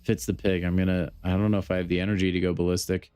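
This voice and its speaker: A man's voice: low-pitched, level tone, rapid-fire, dark tone, smooth, no room sound. A man chatting casually on a gaming live stream, joking and talking straight to his chat. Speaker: game streamer.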